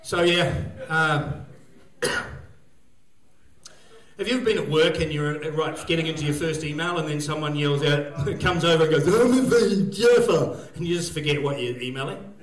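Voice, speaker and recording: A man's voice: on the high side, fairly even intonation, normal speed, a bit bright. A man doing a rambling, crude stand-up set, laughing at his own jokes in front of a live crowd. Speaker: stand-up comedian. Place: comedy gig venue, live audience. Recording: echoey live venue.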